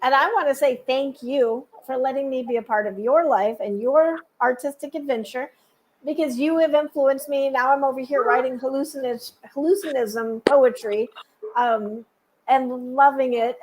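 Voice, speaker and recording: High-voiced chatty woman host. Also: low-quality recording. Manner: chatty, playful, rambling. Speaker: podcast host. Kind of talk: casual chat.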